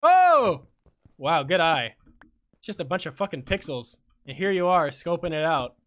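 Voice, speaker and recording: A young adult woman streamer giving casual gameplay commentary, excitable, swearing and breaking into shrieks. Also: sits low, normal speed. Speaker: game streamer.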